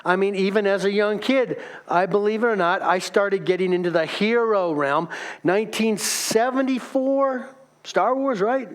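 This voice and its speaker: Man, middle-aged, pastor, casual sermon, high voice, chatty and joking. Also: moderate pace. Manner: chatty, joking, talks to the congregation.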